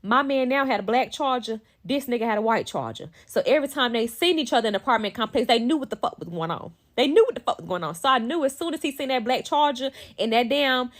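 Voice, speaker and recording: A woman with a high, bright-sounding voice rolls through a personal story in a casual storytime. She tells it with animated, profane drama and swears freely. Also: fast, hardly any pauses.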